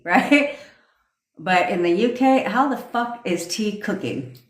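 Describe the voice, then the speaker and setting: A woman's voice: fairly high pitch, big pitch swings, very slow, pauses often, a bit bright, reverberant. A woman who coaches manifestation, chatting loosely on a livestream, swearing and laughing often between rambling points. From North America. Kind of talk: casual livestream chat.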